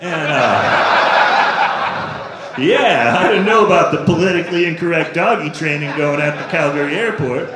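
A man's voice: on the high side, moderate pace, a crowd in the background. A man performing a stand-up routine, telling profane, self-deprecating stories on a comedy club stage. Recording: echoey live club recording with noise.

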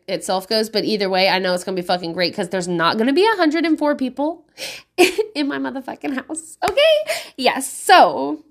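A woman in her thirties podcasts casually about parenting, chatting, laughing often, swearing freely, and saying "like" a lot. Her voice is on the high side with a fairly bright tone.

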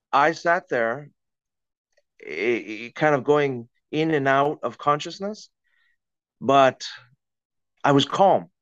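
A man's voice: medium pitch, a bit bright, no echo, lo-fi sound. A man, a podcast guest, telling a personal story in conversation with vivid, dramatic retelling and acted-out quotes.

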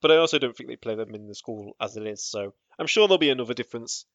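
A man's voice: mid-range voice, rapid-fire, a bit bright, dry recording. A man co-hosting a podcast in casual chat, rambling with lots of fillers and restarts and laughing often. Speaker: podcast co-host.

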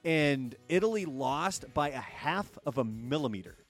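A man hosting a casual live-streamed talk show, chatty and jokey, with an energetic quiz-host delivery. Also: medium pitch, moderate pace, soft background music.

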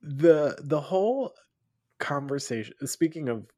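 Animated laughing male podcast host. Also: fairly high pitch, a little slow, no echo, studio quality. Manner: animated, laughing, acts out his own reactions. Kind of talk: casual chat about a film.

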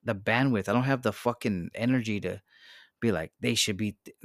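A man's voice: fairly low pitch, fairly quick, no room sound. Rambling, cursing man, dry close sound. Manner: rambling, restarts often, swears freely. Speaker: podcast co-host. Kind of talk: casual profane chat.

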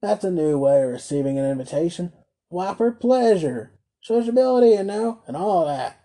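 A man's voice: mid-range voice, fast talker, natural voice. A man voicing a scornful, sarcastic middle-aged toy merchant who talks brusquely in a storybook reading. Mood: pushy. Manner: brusque, scornful, loud outbursts.

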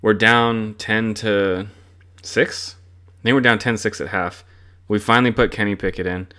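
Low-voiced man ranting about football. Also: steady tone, measured pace, sharp tone, clean tone. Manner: frustrated, profane, rambling. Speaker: sports podcast host. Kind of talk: casual sports rant.

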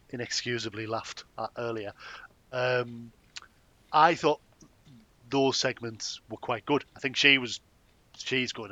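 A man's voice: mid-range voice, pushed and bright. A man co-hosting a film podcast in casual chat, rambling and joking with many restarts. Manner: rambling, self-interrupting, joking. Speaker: podcast co-host.

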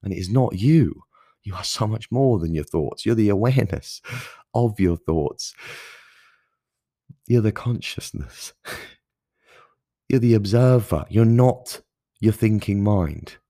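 A man's voice: fairly low pitch, lively intonation, slow, long pauses, warm tone, no room sound, studio quality. A man hosting his own podcast, talking earnestly and passionately in a solo monologue, with emphatic stresses and frequent restarts. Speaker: podcast host.

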